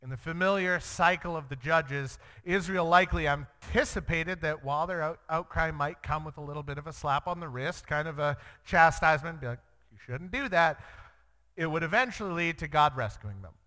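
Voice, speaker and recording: A man, a young father, teaching through a Bible passage in an earnest way, acting out the quoted lines with sudden jumps in pitch. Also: brisk, few pauses, pushed and bright. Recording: long reverb.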